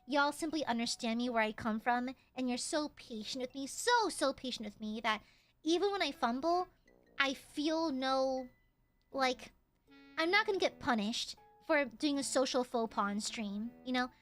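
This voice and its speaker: A young woman streamer with a very high, bright voice that swings widely in pitch. She chats warmly one moment and shrieks curses at her chat the next, excitable and unfiltered. Soft music plays faintly behind her. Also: moderate pace. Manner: excitable, swears, jumps from tender to shouting at chat. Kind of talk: casual livestream chat.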